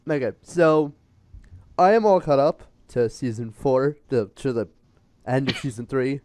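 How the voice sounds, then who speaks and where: A man hosting a casual interview, chatty and quick to laugh. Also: medium pitch, a little mellow, dry recording. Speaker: interviewer host.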